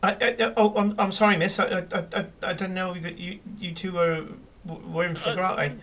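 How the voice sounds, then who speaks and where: A man's voice: high voice, little pitch movement, normal speed, a bit bright, distant mic. A man voicing a panicked young male messenger who stammers and pleads urgently. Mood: flustered.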